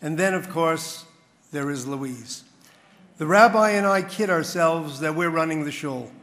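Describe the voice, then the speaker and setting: A man's voice: on the high side, unhurried, fairly bright tone, big-room sound. A man speaking as master of ceremonies at a community dinner, telling stories and rousing the crowd. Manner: storytelling with crowd-rousing build-ups. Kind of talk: after-dinner speech.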